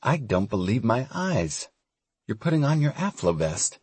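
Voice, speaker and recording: A man's voice: on the low side, moderate pace, darkish tone, breathy edge, no room sound. A man voicing a stern middle-aged woman nurse who gives dry orders. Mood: dry surprise. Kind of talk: audiobook character reading.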